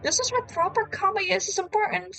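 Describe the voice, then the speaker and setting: A woman's voice: very high-pitched, brisk, gravelly, fairly bright tone, soft background music, pitched above the performer's own voice, full character voice. A woman voicing a cheerful female teacher lecturing her class in a dating game. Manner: chirpy, lecturing.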